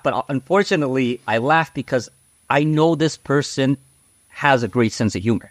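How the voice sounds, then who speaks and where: Speaking a bit slowly in a medium-pitched voice, this man is a podcast guest spinning casual stories. He's outspoken and frank, wandering through his talk with fillers and tag questions; there's no echo.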